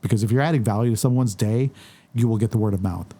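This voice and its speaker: Mellow-voiced man telling work stories. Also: fairly low pitch, fast, husky. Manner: storytelling, animated quoting of others. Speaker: guest photographer. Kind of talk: casual podcast conversation.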